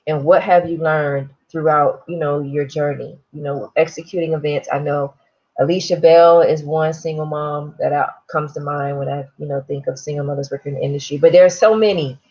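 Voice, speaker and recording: A woman's voice: sits low, fairly even intonation, fairly quick, a little mellow. Encouraging woman host on dull audio. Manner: encouraging, affirming listener. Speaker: interviewer host. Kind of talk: casual interview.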